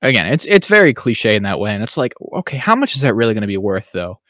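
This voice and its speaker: A man's voice: on the low side, quick pace, no echo, clean studio sound. A man co-hosting a podcast in casual chat, rambling and laughing as he talks. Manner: rambling, animated, laughs often. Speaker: podcast co-host.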